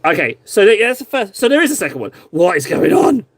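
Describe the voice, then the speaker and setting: On a stream, a man with a slightly higher voice reviews viewers' miniature paintings, talking very fast and animatedly in a rambling, playful, self-mocking way. His desk mic sits close, giving a dry sound with no room echo.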